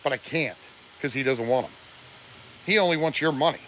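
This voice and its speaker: A man's voice: mid-range voice, fairly quick, fairly bright tone, a little hiss or hum. A man ranting on a live stream, preachy and blunt, his voice close to breaking with emotion. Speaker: livestreamer.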